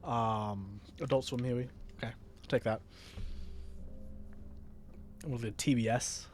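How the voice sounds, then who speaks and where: An American streamer with a mid-range, fairly even voice chats casually on a livestream at a slow pace. He rambles, restarts his sentences often, and reads chat aloud to answer it, with faint music and slight noise in the background.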